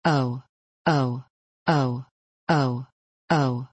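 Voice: medium pitch, steady tone, extremely slow, husky, no echo. A reader voicing a spoiled little girl in a storybook reading, whining and wailing. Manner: whining, howling.

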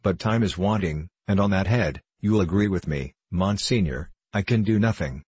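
A man's voice: low voice, moderate pace, a little mellow, slightly rough, no echo. A man voicing a flustered, pleading tailor. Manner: agitated, pleading. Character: anxious, flustered male master tailor.

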